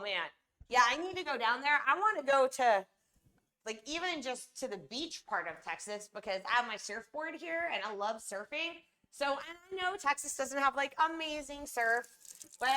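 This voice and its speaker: A woman's voice: high voice, sharp tone. A young woman from California chatting casually and rambling to her viewers on a live stream while she bakes.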